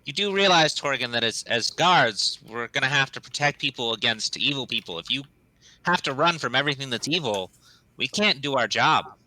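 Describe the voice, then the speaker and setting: A man's voice: medium pitch, lively intonation, moderate pace, bright, forceful tone, no room sound, rough recording. A man voicing an earnest, naive young male knight who stammers and repeats words while in character in a tabletop game.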